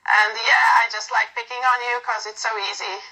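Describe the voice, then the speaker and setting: A woman voicing a fond, teasing young woman who gently comforts a clingy partner in a romantic audio role-play. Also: fairly high pitch, flat delivery, moderate pace, low-quality recording.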